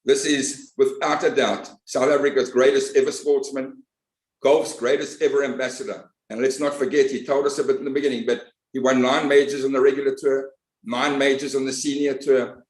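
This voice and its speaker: A male host opens a talk panel with enthusiastic praise for his guests. His voice sits at an ordinary middle pitch, and the room around him rings with echo. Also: level tone, moderate pace, a little mellow. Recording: roomy echo.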